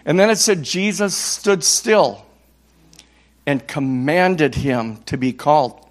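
A man in his sixties from Minnesota, an evangelist preaching a passionate sermon, repeating words and building to loud cries. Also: on the high side, lively intonation, takes it slowly.

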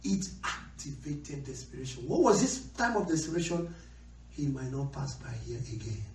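Animated preacher man in an echoey hall. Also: medium pitch, moderate pace, slight background noise. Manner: animated, swings from quiet to shouting. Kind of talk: sermon. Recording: echoey hall, heard from far off.

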